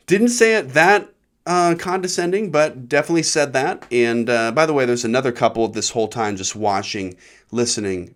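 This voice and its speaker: A man from Nebraska, a comedian hosting his own show, telling a rambling, profane story. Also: medium pitch. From Nebraska, USA. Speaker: comedian podcast host.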